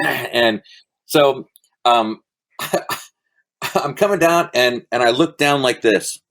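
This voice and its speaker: A middle-aged man, a former soldier, telling stories casually as a podcast guest, relaxed and swearing, with many fillers. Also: mid-range voice, slow pace. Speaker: guest, former Army Ranger. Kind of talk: casual storytelling interview.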